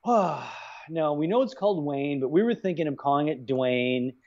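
A man's voice: fairly high pitch, moderate pace. A middle-aged man, a writer-director guest, chatting in an interview and acting out quoted dialogue as he tells stories. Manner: animated, acts out quoted dialogue. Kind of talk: casual interview storytelling. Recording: dull lo-fi sound.

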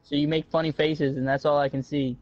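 A man's voice: a little high, level tone, a little fast, darkish tone, muffled recording. A young man chatting casually with friends while gaming, telling a long story with lots of swearing and restarts. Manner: rambling, profane storytelling. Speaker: gamer in voice chat. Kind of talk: casual chat.

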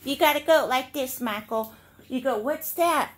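A woman's voice: high-pitched, normal speed, slight background noise. A young woman chatting casually to a viewer at home, playful and cooing at her pets. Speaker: vlogger. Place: home indoors.

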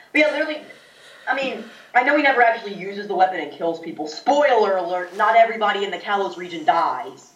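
A man giving casual let's-play commentary, rambling between his turns and bursting out loudly when things go wrong or right. He sounds set back from the microphone, in a roomy space that echoes. The recording is a little dull. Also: high voice. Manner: excitable, rambling, loud outbursts. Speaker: gaming YouTuber. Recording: echoey, distant, dull mic.

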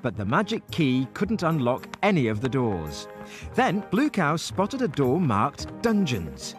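Expressive children's storyteller over music. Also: medium pitch, a little slow. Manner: gentle, expressive.

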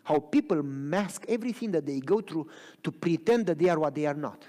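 A man preaching a sermon in a church, dramatic, swinging from loud cries to near whispers and asking the congregation if they follow him. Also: on the high side, animated, a little fast. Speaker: pastor. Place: church sanctuary. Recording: long reverb of a church hall.

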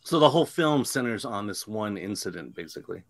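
A man hosting a casual interview, asking relaxed questions about a film. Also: on the low side, fairly quick, gravelly, dry recording. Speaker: host.

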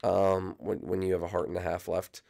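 A young man giving excited, repetitive game commentary, jumping to squeaky shouts now and then. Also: normal speed, creaky. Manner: hyped, repeats phrases, jumps to squeaky shouts. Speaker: gaming YouTuber.

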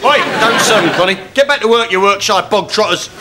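A blustering middle-aged pub landlord, bellowing at his staff in a TV sitcom. The voice rides high and swings wildly in pitch. A loud hiss sits under the recording. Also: animated, fairly quick, a loud crowd. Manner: blustering, shouting, pompous. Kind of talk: sitcom acting.

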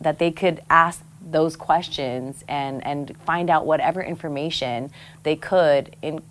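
A woman from American Samoa, a guest in an interview, telling personal stories in a frank, expressive way and laughing often. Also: sits low, unhurried, slight background noise. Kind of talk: candid conversational storytelling.

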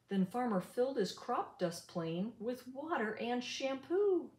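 An older woman reading a rhyming picture book aloud in an animated, sing-song way. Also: on the high side, a little slow, hardly any pauses, reverberant. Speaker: storybook reader.

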